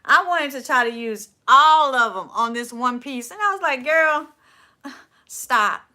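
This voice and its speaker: A woman's voice: high voice, lively intonation, normal speed, bright, forceful tone. A woman with a Southern US accent hosting a casual furniture upcycling livestream, folksy and chatty, often trailing off and restarting her sentences.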